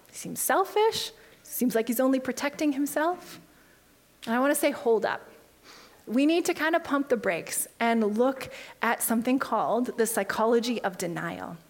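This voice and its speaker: A woman preaching a conversational sermon, animated and direct, often dropping to a hushed near-whisper for emphasis. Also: fairly high pitch.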